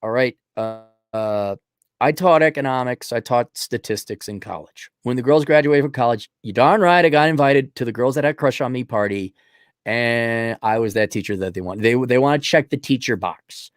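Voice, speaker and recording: A middle-aged man hosts his own show, rambling through a casual monologue and acting out little scenes in other voices. His medium-pitched voice has lively intonation at a moderate pace, recorded dry with studio quality.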